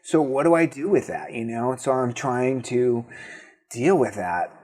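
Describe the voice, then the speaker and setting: A man's voice: medium pitch, measured pace, a little mellow. A man with a Boston accent, a breathwork teacher being interviewed, talking openly and emotionally in a rambling casual way. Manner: open, emotional, rambling with restarts.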